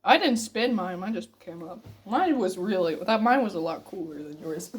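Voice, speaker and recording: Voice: mid-range voice, lively intonation, normal speed, faint music behind. A teenager from Sweden chatting casually and joking while baking in a home kitchen, filmed on a phone. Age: teens. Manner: joking, swearing, giggly. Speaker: vlogger. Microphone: phone camera. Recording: noisy home phone recording.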